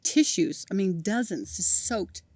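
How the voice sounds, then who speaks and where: A middle-aged woman, a podcast guest telling lively family stories and acting out the people in them. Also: mid-range voice, measured pace, no room sound. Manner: animated storyteller, acting out voices with laughter. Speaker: podcast guest, mother of a cancer patient. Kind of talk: storytelling in an interview.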